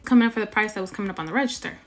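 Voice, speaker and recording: A woman with a mid-pitched voice tells a story in a lively way. She acts out both sides of a conversation with sarcastic asides. Her delivery is casual and direct. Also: racing. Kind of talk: storytime phone video.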